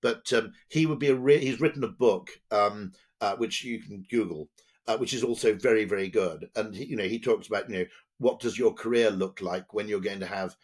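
An older British man talking in a lively, rambling way as a podcast guest, often checking in with "okay?". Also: on the low side, fairly quick, breathy edge. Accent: British English. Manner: animated, digressive, tags lines with "okay?". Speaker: guest, advertising executive.

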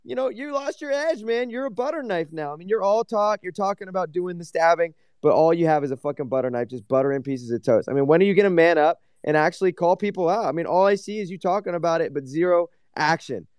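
Fast-talking man taunting, dry close sound. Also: high voice, lively intonation, darkish tone, smooth, no room sound. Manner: taunting, mocking, heavy swearing. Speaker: regular speaker in a live audio room. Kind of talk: profane taunting banter.

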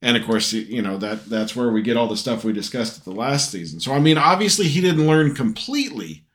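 A middle-aged man co-hosting an easygoing podcast with his son speaks fairly quickly, his mid-range voice a bit bright and his intonation lively. He meanders, restarting often and leaning on fillers.

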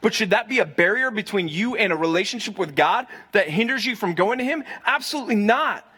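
A young man with a notably high-pitched voice preaches to his congregation in a conversational way. He pauses for replies and repeats his main points for emphasis. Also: expressive, sharp tone, breathy edge. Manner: conversational, invites the crowd to answer, repeats for stress. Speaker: pastor. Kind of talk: sermon.

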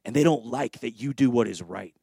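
Lively preaching pastor, dry close sound. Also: male voice, medium pitch, brisk, gravelly, slightly rough, dry recording. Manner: conversational preaching with lively acted asides. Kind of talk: sermon.

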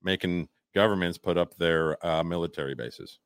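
Deep-voiced man reading news off-the-cuff. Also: clear, resonant tone, no room sound, clean studio sound. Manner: halting, reads news stories aloud with restarts. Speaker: podcast co-host. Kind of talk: casual live-stream chat.

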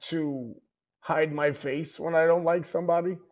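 A middle-aged man with a New York accent, a podcast guest who talks bluntly and gruffly and swears freely. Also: on the high side, steady tone, moderate pace, a little mellow. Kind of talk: casual chat.

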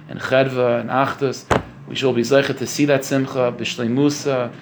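A religious speaker delivers a conversational, story-driven sermon in a medium-pitched, flat voice at a quick pace, with background noise behind him. He often repeats phrases and checks in with listeners, asking, "you know what I'm saying?"

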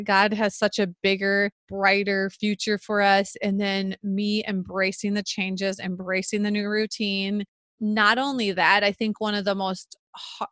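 Woman podcast co-host, thirties, candid and rambling, dry close-miked sound, mid-pitched. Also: a bit bright, no room sound. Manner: emotional, rambling with many fillers. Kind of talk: candid conversational podcast talk.

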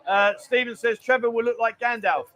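Middle-aged guy hosting a stream, high voice, rambling banter. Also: steady tone, moderate pace, a bit bright, rough recording. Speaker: livestream host. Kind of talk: casual live-stream chat.

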